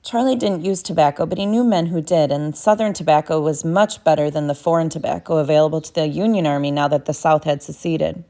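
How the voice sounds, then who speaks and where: A woman's voice: low-pitched, brisk, hardly any pauses, warm tone. A woman narrating a novel as an audiobook, reading steadily with small self-corrections.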